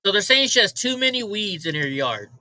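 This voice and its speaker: Man, livestream host, casual rant, profane, mocking, very bright voice. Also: high-pitched, sing-song, a little fast, dry recording, low-quality recording. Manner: profane, mocking, talks to the chat.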